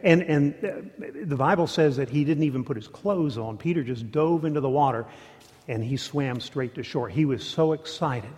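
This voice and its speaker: A man preaching a sermon, telling stories in an animated way and often repeating words. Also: mid-range voice, normal speed, long reverb tail. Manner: animated storytelling with repetitions.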